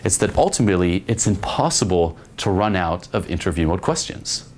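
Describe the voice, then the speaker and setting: A young dating coach with a low, very animated voice teaches a casual, fairly quick lesson on dating, using acted examples. He keeps checking in with "okay?" and drops the occasional swear word. There's a little hiss or hum.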